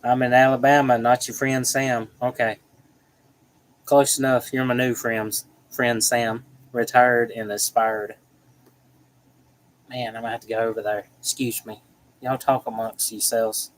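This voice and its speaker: A man's voice: medium pitch, flat delivery, unhurried, a little hiss or hum, rough recording. Chatty man hosting a livestream. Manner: chatty, joking, laughs often. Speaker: livestream host. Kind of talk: casual live chat reading comments.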